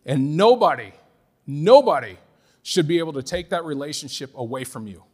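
High-voiced, emphatic middle-aged male pastor. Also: animated, moderate pace, a little mellow, husky, in a large hall. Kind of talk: sermon.

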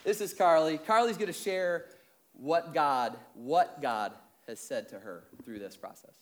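A middle-aged male pastor telling a story in a sermon, conversational and animated, acting out what people said. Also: a little high, measured pace. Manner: animated, conversational, acts out quotes.

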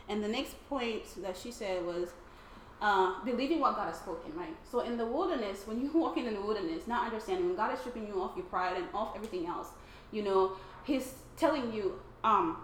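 A woman sharing a personal faith testimony with a small group in a casual, excitable way, often laughing and acting out her own thoughts. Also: mid-range voice, fairly quick. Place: room with other people, casual group. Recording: roomy, faint background noise.

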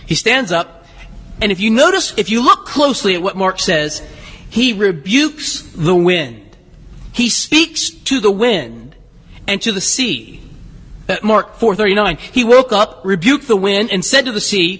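Chatty preacher in a reverberant church. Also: male voice, high voice, very animated, measured pace, fairly bright tone, slightly rough. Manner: conversational, asks the congregation questions, frequent restarts. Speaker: pastor. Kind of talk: sermon.

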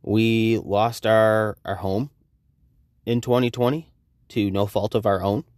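A man in his thirties, hosting a podcast and telling a story in a casual, profane, animated way, acting out the quoted exchanges. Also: on the low side, slow, no echo, clean studio sound. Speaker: podcast host.

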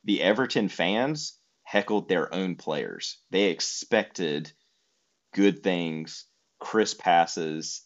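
A man's voice: low-pitched, muffled recording. A man telling a trip story in casual conversation, rambling with many fillers. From United States.

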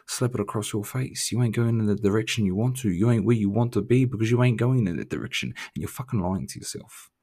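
A young man delivers a casual motivational monologue as a podcast host. He talks in a blunt, swearing, in-your-face way and pushes the listener hard. His voice sits on the low side. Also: fast, hardly any pauses, warm tone, slightly rough. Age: young adult. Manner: blunt, profane, confrontational pep talk.

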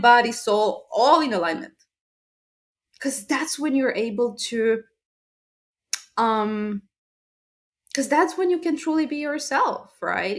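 A woman hosting a motivational podcast, talking earnestly and enthusiastically with fillers and little laughs. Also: on the high side. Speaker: podcast host. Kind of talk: casual motivational talk.

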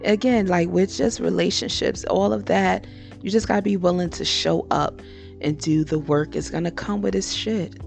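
A woman's voice: on the low side, moderate pace, vocal fry, faint music behind. A woman hosting her own podcast, giving frank, slangy advice in a casual monologue. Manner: frank, slangy and animated, switching into impressions. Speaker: podcast host.

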